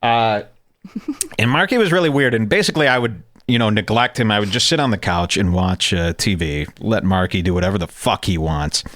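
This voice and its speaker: A man's voice: fairly low pitch, brisk, no room sound, clean studio sound. A man hosting a podcast, telling stories in a casual, profane and jokey way. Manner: animated, profane, jokey storyteller. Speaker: podcast host. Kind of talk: casual storytelling chat.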